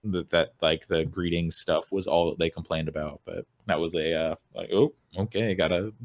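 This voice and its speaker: Very deep male co-host, dry close sound, laid-back storytelling. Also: normal speed, dry recording. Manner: relaxed storyteller, laughs at own story. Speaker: podcast co-host. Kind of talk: casual chat, anecdote.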